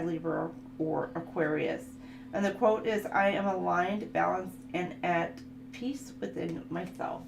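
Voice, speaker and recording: A woman's voice: lowish voice, gravelly. A woman giving a casual oracle card reading, chatting and laughing as she reads the card text aloud. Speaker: tarot reader. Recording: echoey room with steady hum.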